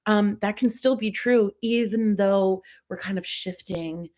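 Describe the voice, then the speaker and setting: Animated woman with a Long Island accent. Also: medium pitch, measured pace. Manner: animated, laughs often, self-deprecating. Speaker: guest, comedian and brand strategist. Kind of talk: casual podcast conversation.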